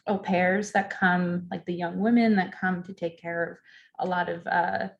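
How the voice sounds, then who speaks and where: A woman's voice: lowish voice, little pitch movement, normal speed, gravelly, highs cut off. Chatty woman with many ums. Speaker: library staff member. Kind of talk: casual book talk. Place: library event, recorded online.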